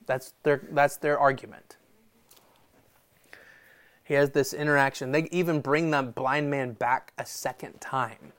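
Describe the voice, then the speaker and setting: A man's voice: on the high side, a little slow, fairly bright tone. A man preaching a sermon in a loose, conversational storytelling manner. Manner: conversational, storytelling with voiced quotes and laughs. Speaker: pastor.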